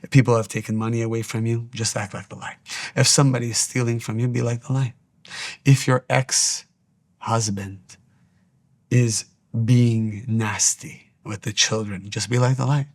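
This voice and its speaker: Male spiritual teacher, mid pitch with gravel in the voice, earnest repetitive exhortation. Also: steady tone, moderate pace.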